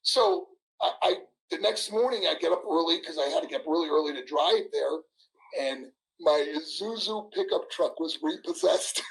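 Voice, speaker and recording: A man in his sixties telling a story in an interview, animated, laughing, acting out everyone's voices. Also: on the high side, moderate pace, vocal fry, rough recording. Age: 60s. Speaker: guest, former wrestler.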